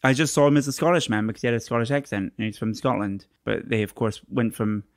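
A man's voice: medium pitch, fairly even intonation, fast talker, dry recording, studio quality. A man from England co-hosting a podcast in casual chat, teasing and laughing at his own jokes. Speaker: podcast co-host.

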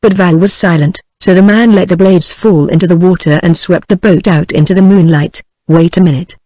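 A British woman narrating a storybook in a steady, even text-to-speech reading. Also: lowish voice, fairly quick, dry recording, low-quality recording. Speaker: audiobook narrator. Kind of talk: scripted narration.

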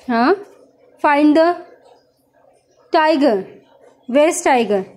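A woman's voice: sits high, animated, darkish tone. A young mother patiently teaching her toddler animal names, praising and prompting with questions. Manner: slow, coaxing, praising, asks prompting questions.

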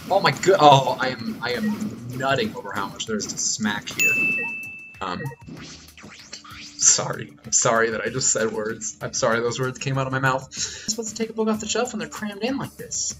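A man's voice: medium pitch, normal speed. A man giving jokey, crude live commentary while streaming a video game. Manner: jokey, crude, animated reactions. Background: game music.

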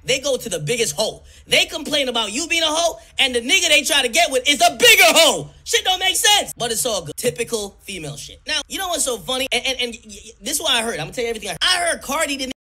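A man's voice: extremely high pitch, very animated, quick pace, few pauses, bright, forceful tone, breathy edge. A man telling celebrity gossip in loose, profane, stumbling commentary. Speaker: streamer.

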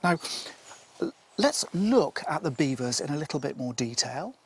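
A man presenting wildlife outdoors by a river, explaining with enthusiasm and sometimes dropping his voice to a hush. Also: a little high, big pitch swings, normal speed, slight background noise. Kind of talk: outdoor nature presenting to camera.

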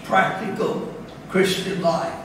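A man preaching a sermon as pastor, slow and deliberate, lifting his voice on scripture readings. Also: fairly high pitch, little pitch movement, a bit bright. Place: church chapel. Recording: echoey chapel from a distance, faint room noise.

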